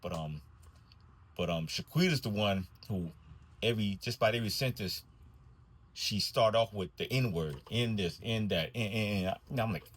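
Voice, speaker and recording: Husky low-voiced man telling wry stories. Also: normal speed. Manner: drawling, wry deadpan storytelling. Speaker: school bus driver. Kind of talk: comic storytime monologue.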